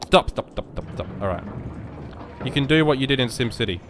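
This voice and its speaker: Young man, sick, rambling gameplay commentary, jokey, sudden yells, faint hiss behind. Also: medium pitch, lively intonation, fairly quick. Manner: rambling and joking, with sudden loud outbursts at the game. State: sick with a virus. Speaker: gaming YouTuber.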